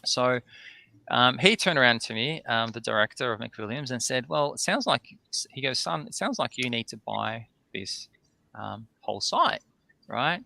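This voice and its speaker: A man's voice: mid-range voice, lively intonation, normal speed, vocal fry, sharp tone. A man, a distillery owner, telling a long anecdote on a podcast, acting out both sides of old conversations and ending many sentences with "right?". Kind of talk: casual storytelling in a podcast interview.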